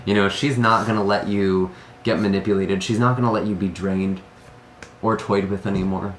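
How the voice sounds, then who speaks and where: A man's voice: sits low, steady tone, moderate pace, a little hiss or hum. A man giving an earnest, emotional tarot reading to camera, often sighing between thoughts. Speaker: tarot reader. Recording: echoey room.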